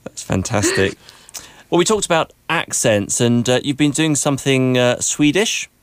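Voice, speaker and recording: A man's voice: medium pitch, very animated, normal speed, clear, resonant tone, no room sound. A man hosting a casual podcast interview, asking questions with small hesitations. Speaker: podcast host.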